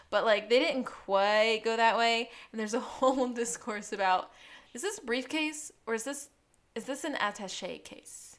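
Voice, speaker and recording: A woman's voice: fairly high pitch, measured pace, a bit bright. A woman co-hosting a podcast, recapping an episode in casual chat, laughing often and acting out quotes. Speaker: podcast co-host.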